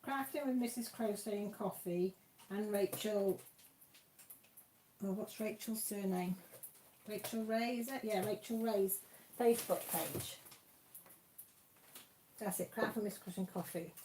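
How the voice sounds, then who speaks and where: A chatty woman talks casually through a crafting live stream at home. Her voice sits at an ordinary middle pitch as she rambles from one thing to the next and calls out to viewers by name. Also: unhurried, pauses often, darkish tone, a little hiss or hum.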